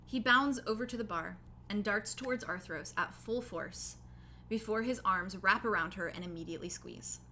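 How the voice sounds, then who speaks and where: Young woman as game master: bright, casual narrator who fills gaps with um. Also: mid-range voice, moderate pace, a little hiss or hum. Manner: casual, many fillers like um.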